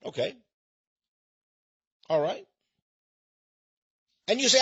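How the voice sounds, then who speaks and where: A man from Texas spins a folksy monologue with chuckling asides. His voice sits high and swoops up and down. The sound is husky and dull, with no room around it. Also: big pitch swings, moderate pace, fairly bright tone, no echo. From Texas, USA. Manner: chatty storyteller, chuckling asides.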